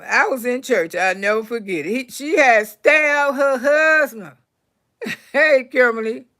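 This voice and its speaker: A woman telling stories and praying for her live chat, swinging from loud to soft. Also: sits high. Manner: animated storyteller, swings from loud to soft prayer. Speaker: comedian livestream host.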